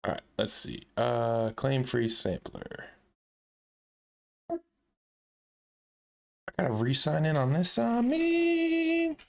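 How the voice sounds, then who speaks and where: A man's voice: medium pitch, slow pace, creaky, long pauses. A man hosting a casual live stream, laughing often and swearing lightly while he sets things up and talks to his chat.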